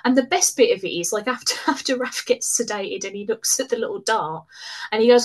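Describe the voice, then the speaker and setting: A woman's voice: a little high, brisk. A woman, a podcast guest, chatting casually and animatedly with many fillers and frequent laughter. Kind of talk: casual chat.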